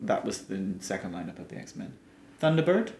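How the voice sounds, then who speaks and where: A man's voice: fairly low pitch, very animated, brisk, creaky, crowd noise. A man co-hosting a podcast, explaining details at length in casual chat. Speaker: podcast co-host. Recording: echoey room.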